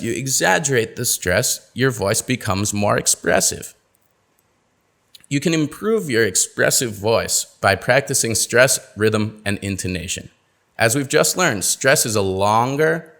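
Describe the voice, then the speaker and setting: A man teaching pronunciation in a webinar, reading out example words with deliberate, exaggerated word stress. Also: medium pitch, gravelly, a bit bright. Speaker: pronunciation coach. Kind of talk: webinar lesson.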